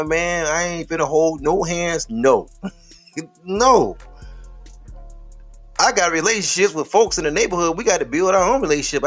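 A man's voice: a little high, fairly bright tone. A man hosting a podcast in casual commentary, preachy and full of rhetorical questions, addressing listeners as beloved. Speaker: podcast host.

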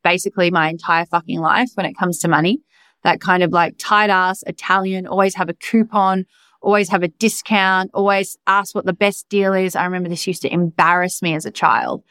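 Candid young woman host, lowish dry voice. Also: fairly even intonation, a little fast, fairly bright tone, clear, resonant tone, no echo. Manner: raw, emphatic, swears freely. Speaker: podcast host. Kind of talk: candid personal monologue.

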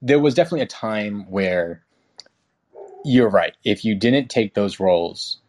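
Young man, low voice, casual talk, lots of restarts, frank, swears. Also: animated, measured pace, a little mellow. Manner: rambling, many restarts and fillers. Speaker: guest. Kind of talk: casual conversation.

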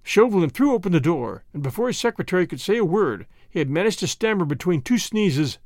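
A man narrating a classic novel in an expressive, dramatic storytelling style. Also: high voice, fairly quick, few pauses, dry recording, studio quality. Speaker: audiobook narrator. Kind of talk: scripted narration.

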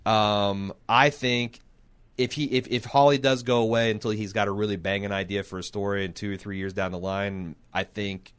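A man's voice: on the low side, steady tone, moderate pace, a bit bright, clean tone, no room sound. A man hosting a TV recap podcast, chatting casually in a rambling way with restarts. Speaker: podcast host.

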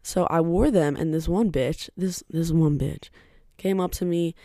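A young woman hosts her own podcast in a loose, chatty monologue, speaking bluntly and swearing freely. Her voice sits low and mellow, with a gravelly edge. The sound is dry and close, with no room echo. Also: measured pace. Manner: candid and blunt, with frequent swearing; chatty and rambling, with side remarks. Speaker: podcast host.

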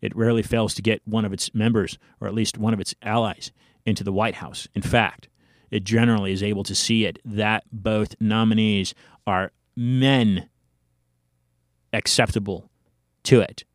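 A man's voice: fairly low pitch, steady tone, normal speed, no room sound, clean studio sound. An American man hosting his own commentary show, reading from an article with emphatic asides and stumbles. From United States. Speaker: political commentary show host.

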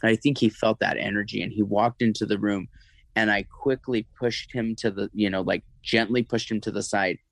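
A man shares a personal story as an interview guest, in a fairly low voice. He talks in halting bursts full of restarts and fillers, and the sound is dry and close with no room around it. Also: steady tone, gravelly, a bit bright, dry recording, rough recording.

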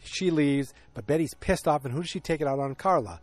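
A man's voice: on the high side, brisk, dry recording. A man in his forties casually recapping a TV episode, with lots of fillers and opinionated asides.

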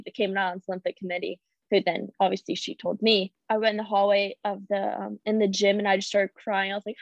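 A woman's voice: mid-range voice, no room sound. A young woman, an Olympic gymnast, chatting casually as a guest and acting out the reactions she quotes, with frequent "like" fillers. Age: young adult. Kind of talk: casual storytelling chat. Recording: dull, dry lo-fi audio.

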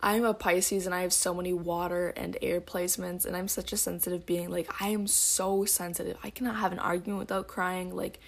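A woman hosting a casual solo podcast, rambling with lots of "like" and "um" and sometimes slipping into soft, breathy asides. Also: lowish voice. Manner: rambling, heavy use of "like" and "um". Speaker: podcast host.

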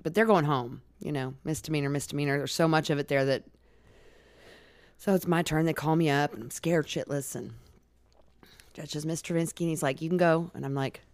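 A middle-aged woman, a podcast guest, telling her story in a casual, animated way, laughing often and swearing. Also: sits low, brisk, dry recording.

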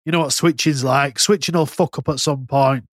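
A man's voice: mid-range voice, steady tone, normal speed, no echo, studio quality. A man co-hosting a casual podcast chat, rambling and swearing freely. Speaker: podcast co-host.

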